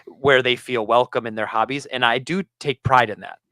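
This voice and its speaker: A man hosting a casual podcast, telling a story about his game store with lively acted-out quotes. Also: mid-range voice, normal speed, dry recording, clean studio sound. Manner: animated storyteller, acts out customers.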